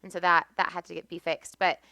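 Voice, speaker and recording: A woman with an American accent tells stories in an animated, easy way. Her voice is low for a woman, but bright and crisp, and the recording is dry and close. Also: quick pace, no room sound. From United States. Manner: animated, laughs often while telling stories. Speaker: podcast guest. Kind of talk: casual storytelling.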